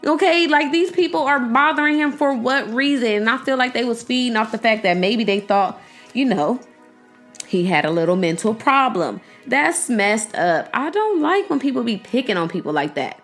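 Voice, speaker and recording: A young woman hosting a podcast, giving animated, outspoken commentary straight to her listeners. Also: a little high, normal speed, soft background music. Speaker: podcast host. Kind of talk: casual commentary to her audience.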